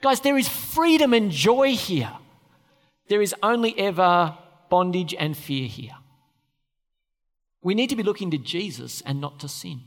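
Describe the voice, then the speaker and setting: A man's voice: sits high, lively intonation, a little slow, pauses often. A pastor preaching a conversational sermon to his church, often turning questions to the listeners. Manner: conversational, asks the audience questions. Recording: long hall reverb.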